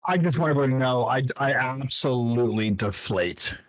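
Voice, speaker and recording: A man's voice: mid-range voice, animated, normal speed. A man playing a tabletop game, chatting casually and animatedly, rambling and profane. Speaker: tabletop player. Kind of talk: casual in-character chat.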